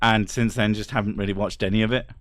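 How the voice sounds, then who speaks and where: A man's voice: on the low side, level tone, quick pace, a bit bright, no echo, clean studio sound. Blunt, profane British-based man ranting. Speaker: streamer reading chat. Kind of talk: casual livestream chat.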